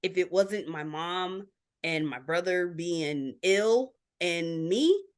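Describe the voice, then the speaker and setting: Candid woman with a lower voice telling her story. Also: expressive, takes it slowly, clean tone. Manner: many filler likes. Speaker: podcast guest. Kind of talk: casual interview chat.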